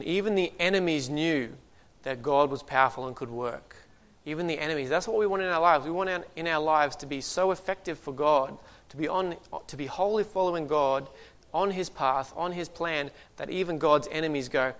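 Man, preacher, sermon, conversational, joking asides, somewhat high voice. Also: moderate pace, fairly bright tone.

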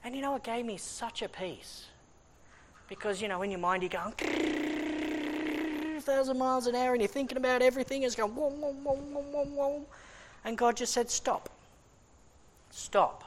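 A man's voice: very high-pitched, noisy background. A man preaching a sermon and reading scripture, telling personal stories with lots of restarts. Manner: animated storytelling with many restarts; reads scripture in a raised, deliberate voice. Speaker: preacher and schoolteacher.

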